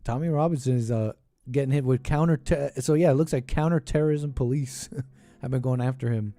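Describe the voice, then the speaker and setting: A man's voice: medium pitch, a little fast, warm tone, dry recording. Dry close-miked male call-in host. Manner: rambling, chuckling, trails off. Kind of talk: casual call-in talk.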